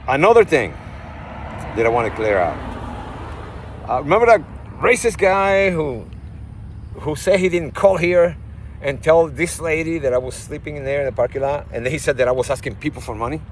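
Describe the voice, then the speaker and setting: A man from Puerto Rico with a Puerto Rican accent, vlogging to his phone in a parking lot in a rambling, animated way, full of asides. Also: mid-range voice. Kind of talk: casual vlog talk. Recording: faint outdoor traffic noise.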